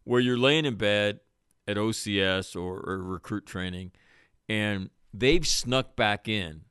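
A man hosting a casual podcast chat, telling animated stories with plenty of swearing. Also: fairly low pitch, smooth, no echo, clean studio sound. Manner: animated storytelling, swearing, quick laughs. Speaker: podcast host.

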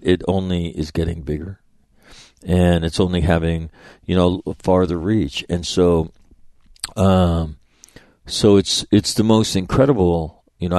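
A man's voice: deep voice, a little mellow, no room sound, studio quality. Blunt, profane middle-aged male podcast host. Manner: profane, emphatic, tells stories acting out dialogue. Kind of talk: blunt motivational monologue.

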